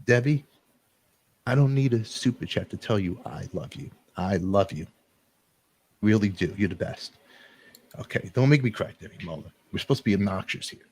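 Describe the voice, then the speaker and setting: A man hosting a talk show, telling an emotional story in a rambling, animated way with sudden jumps in pitch. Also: moderate pace, long pauses, slightly rough. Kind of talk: emotional casual monologue.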